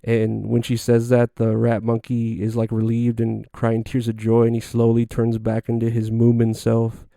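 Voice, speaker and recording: A man's voice: medium pitch, completely flat delivery, normal speed, creaky, few pauses, warm tone, no echo, clean studio sound. A young man hosting a podcast on his own, telling stories in a loose, profane way with lots of fillers. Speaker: podcast host. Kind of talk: casual solo podcast monologue.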